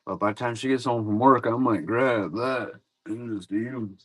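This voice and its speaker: A man's voice: medium pitch, normal speed, fairly bright tone. A man hosting a live card-break stream, chatting casually and rambling in a laid-back way with some swearing. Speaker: livestream card break host. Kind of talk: casual chat while running a live stream.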